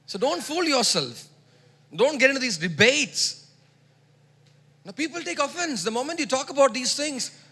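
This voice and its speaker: High, bright-voiced man preaching a sermon. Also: big pitch swings, moderate pace, pauses often, husky. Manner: emphatic, repeats phrases, urges the congregation to echo words; swings between loud exhortation and quiet teaching. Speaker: pastor. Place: church hall. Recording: long hall reverb.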